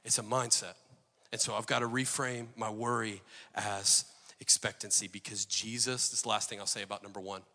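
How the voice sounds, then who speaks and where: A man in his forties preaching a sermon as pastor, impassioned and building to near shouts. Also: fairly low pitch, level tone, fairly quick, big-room sound. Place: church auditorium.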